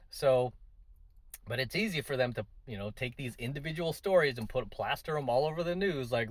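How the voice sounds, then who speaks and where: A man's voice: mid-range voice, lively intonation, a little fast, a bit bright, no echo. A middle-aged man hosting a casual opinion commentary, rambling with many fillers and tag questions. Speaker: channel host.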